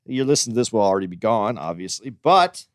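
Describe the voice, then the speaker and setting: A man's voice: lowish voice, fast, dry recording, clean studio sound. A man co-hosting a podcast, telling stories in casual chat and acting out quotes. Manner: animated storyteller, acts out quotes. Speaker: podcast co-host.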